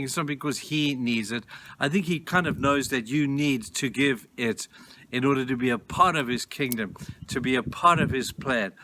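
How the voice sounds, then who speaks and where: A man giving a short daily devotional talk as pastor, gentle, earnest and reflective, slowing down and softening on key phrases. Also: mid-range voice, a little hiss or hum.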